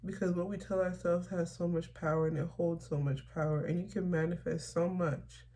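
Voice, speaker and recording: A young woman talking openly and haltingly in a confessional personal vlog. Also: fairly low pitch, fairly even intonation, mellow. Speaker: vlogger.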